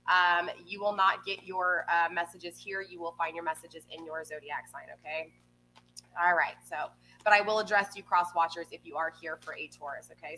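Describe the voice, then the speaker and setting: A woman with a lowish, bright voice leads a live tarot reading. She talks in a chatty, reassuring way, tacking "okay?" onto her sentences, while a faint hum runs under the recording. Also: poor audio. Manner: chatty, frequently adds "okay?" to check in with viewers. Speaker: tarot reader.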